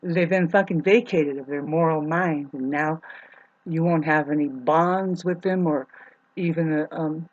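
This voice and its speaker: A woman's voice: low-pitched, fairly even intonation, measured pace, highs cut off. A woman in a rambling, profane monologue, half-rhyming and sarcastic, with many ums.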